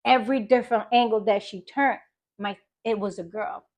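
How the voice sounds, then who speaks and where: A woman's voice: a little high, normal speed. Emphatic woman telling her testimony. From Philadelphia. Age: adult mother. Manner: emphatic, repeats phrases for effect; lively storytelling, acts out conversations. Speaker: faith vlogger. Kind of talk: personal birth testimony.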